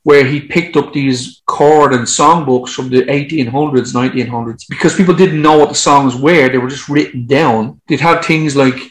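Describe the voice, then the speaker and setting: Irish guy in his 50s, musician spinning a story, swears a lot, average pitch. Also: normal speed, few pauses, rough recording. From Ireland. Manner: lively anecdotal storyteller who swears freely. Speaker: musician guest. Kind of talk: casual storytelling interview.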